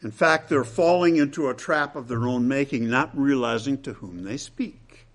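A man preaching a sermon with dramatic, emphatic delivery, swinging between loud and hushed lines. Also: medium pitch, normal speed.

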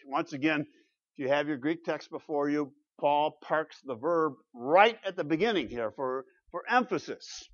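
A man preaching an expository sermon, animated and emphatic, with rhetorical questions and repeated phrases. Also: fairly high pitch, a little slow, lo-fi sound. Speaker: pastor.

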